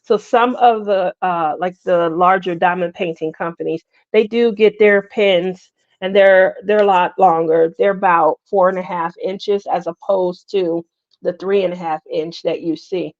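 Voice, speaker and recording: Middle-aged woman host, unhurried and chatty, laughs easily, greets viewers; muffled stream audio. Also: on the low side, steady tone. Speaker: livestream host. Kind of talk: casual livestream chat. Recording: slightly muffled livestream audio.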